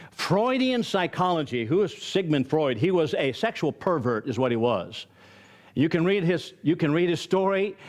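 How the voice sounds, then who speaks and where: Older man lecturing with pointed questions. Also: a little high. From Arizona. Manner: emphatic, fires rhetorical questions at listeners. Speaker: Bible study teacher. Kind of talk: Bible study lecture.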